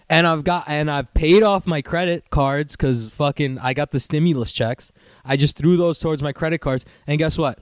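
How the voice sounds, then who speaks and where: A young man hosting his own podcast, ranting in a profane, rambling, self-mocking way and sometimes doing mocking high voices. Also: normal speed, dry recording, studio quality. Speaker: podcast host. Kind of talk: casual solo podcast rant.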